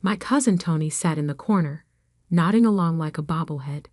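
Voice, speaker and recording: Brief: woman narrator, calm measured scripted storytelling, low voice, dry close sound. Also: no echo.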